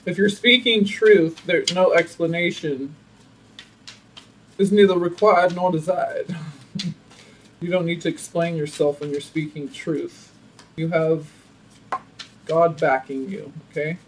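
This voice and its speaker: A man with a high, light voice gives a casual tarot reading, full of sass, playful attitude and frequent laughter. The mic sits some way off, so he sounds distant. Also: a little slow, long pauses, a little hiss or hum. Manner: sassy and animated, laughs often. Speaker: tarot reader.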